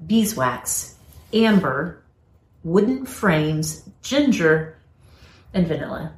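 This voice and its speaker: A woman co-hosting a podcast, chatting casually with a lively, swooping voice. She sounds enthusiastic and laughs easily, on a slightly low voice in an echoey room. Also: takes it slowly. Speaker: podcast co-host. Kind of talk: casual chat.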